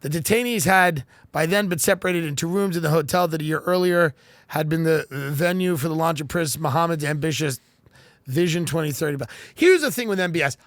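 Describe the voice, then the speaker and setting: A man's voice: a little high, fairly quick, dry recording. A man hosting a podcast, reading news aloud and riffing on it with sarcastic, mock-earnest comedy. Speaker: podcast host.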